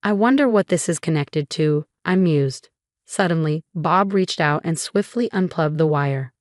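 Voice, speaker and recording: A woman reads a first-person family drama in an even, measured storytelling voice. Her voice sits a little low, and the recording is dry and close. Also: no room sound. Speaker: narrator. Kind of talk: scripted story narration.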